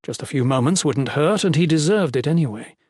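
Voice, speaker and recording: A man narrating a fantasy audiobook in a steady, even storytelling voice. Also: fairly high pitch, a little fast, slightly rough, no room sound, studio quality.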